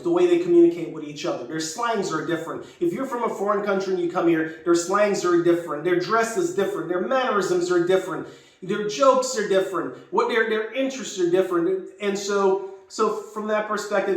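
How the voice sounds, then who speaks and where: This older man from Jamaica speaks in a fairly high voice and tells his story in a loose, reflective ramble, often circling back to restart a thought. He sounds some way off from the mic in a very echoey room. Soft music plays behind him. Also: recorded from a distance. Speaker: YouTuber. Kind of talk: casual personal storytelling.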